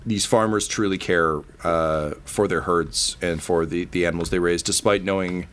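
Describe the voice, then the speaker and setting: Man, game master, lowish voice, halting, lots of ums, casual swearing. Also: steady tone, a bit bright, slight background noise. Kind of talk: narrating a tabletop game.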